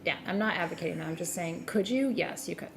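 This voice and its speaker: A woman's voice: lowish voice, fast talker, creaky, a crowd in the background. A woman hosting a live gem sale, chatting casually and telling funny stories as she sells. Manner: animated, joking storyteller, laughs often. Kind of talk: casual chat and product selling.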